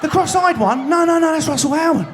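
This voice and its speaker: A man's voice: very high-pitched, lively intonation, fast, background noise. A man with an Essex and London accent doing live stand-up comedy in a large theatre, brash, sweary and baiting the crowd. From Enfield, England.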